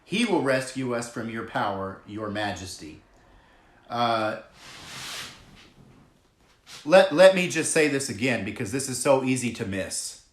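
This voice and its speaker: A man's voice: medium pitch, fairly bright tone. A man preaching a sermon as pastor, earnest and emphatic, stretching out key phrases and reading scripture aloud. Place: church hall. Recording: echoey room.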